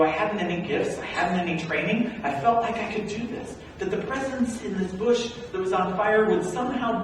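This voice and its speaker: A male pastor preaching a sermon as a first-person Bible story, animated and swinging from hushed to loud. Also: high voice, normal speed, hardly any pauses, slight background noise. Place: large church sanctuary. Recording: echoey hall, recorded from far off.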